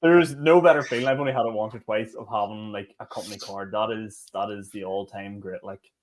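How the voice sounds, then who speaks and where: A man's voice: fairly low pitch, fairly even intonation, a little hiss or hum. Teasing man chiming in. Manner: teasing, quick interjections, laughs a lot. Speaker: podcast co-host, comedian. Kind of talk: casual chat.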